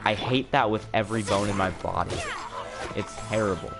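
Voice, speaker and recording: A man live-streaming a video game, rambling sarcastically and bursting out excitedly during fights. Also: on the low side, moderate pace, gravelly. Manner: sarcastic, self-mocking rambling with excited outbursts. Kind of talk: live gameplay commentary. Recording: game music playing under voice. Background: game music.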